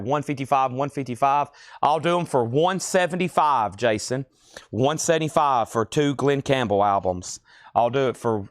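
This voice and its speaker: A man with a mid-range voice hosts a live-streamed record sale from a record store, casually reeling off album titles, prices and the names of buyers. The audio is clean studio sound with no room noise.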